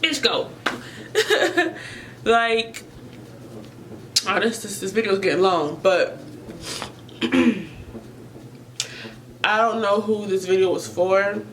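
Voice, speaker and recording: A woman's voice: mid-range voice, fairly even intonation, slow pace, pauses often, slight background noise, rough recording. A woman vlogger talking earnestly and emotionally to her viewers about mental health, often repeating herself as she searches for words.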